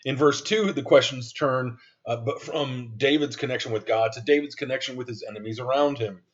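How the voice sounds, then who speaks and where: A man's voice: mid-range voice, brisk, muffled recording. A man preaching a sermon as pastor, reading scripture aloud in an earnest way with some restarts.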